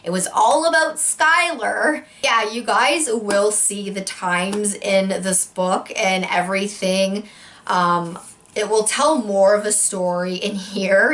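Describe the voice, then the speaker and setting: A young woman telling a casual storytime vlog, full of likes and ums, jumping into high voices when she acts out quotes. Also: fairly bright tone, a little hiss or hum. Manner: filler-heavy, many likes and ums.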